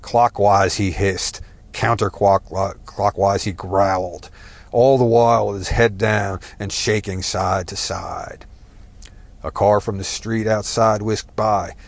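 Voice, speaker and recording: Low-voiced man reading a dark story. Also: gravelly. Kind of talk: scripted story narration.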